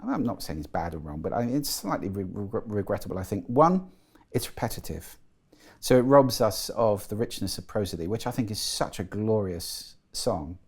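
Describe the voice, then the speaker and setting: A middle-aged man talks as an interview guest, articulate and enthusiastic. His voice sits low with a gravelly edge and a dark, mellow tone. He explains ideas readily. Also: sing-song, moderate pace. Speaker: guest, voice and sound expert.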